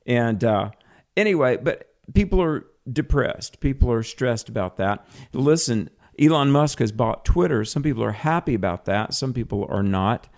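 A man's voice: medium pitch, animated, moderate pace, darkish tone. A man hosting a live Christian radio talk show from a home studio, upbeat and chatty, with many fillers and restarts. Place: home studio with a cat nearby.

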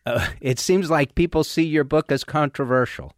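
A man, a pastor hosting a radio talk show, chatting with a guest in a halting way full of fillers. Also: on the high side, no echo, studio quality. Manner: warm, halting, many fillers. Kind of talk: casual interview chat.

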